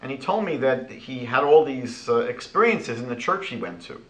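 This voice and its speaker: A man giving a lecture as a rabbi, animated and rhetorical, retelling conversations. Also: medium pitch, normal speed, reverberant, rough recording.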